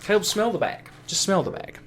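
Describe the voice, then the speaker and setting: A man's voice: sits high, lively intonation, fairly quick, a bit bright, slight background noise. A man co-hosting a podcast, chatting casually with teasing, competitive banter. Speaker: podcast co-host. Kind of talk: casual chat.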